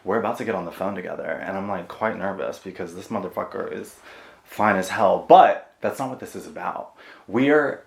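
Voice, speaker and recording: A man hosting his channel in a casual chat, excitable and swearing, laughing at himself. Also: sits low, a little fast, creaky. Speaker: host. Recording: echoey room.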